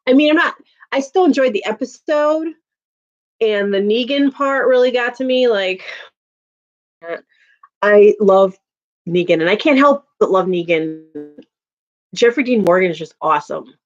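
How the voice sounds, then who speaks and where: Woman, fairly high voice, chatty livestream host, venting, dull lo-fi audio. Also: expressive, unhurried, pauses often. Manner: chatty, venting and laughing often. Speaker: livestream host reading chat. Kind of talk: casual livestream chat.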